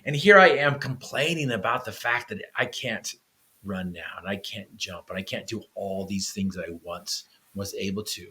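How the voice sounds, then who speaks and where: A man's voice: fairly low pitch, moderate pace, pushed and bright. A man, a podcast guest, earnestly telling a personal story with frequent restarts.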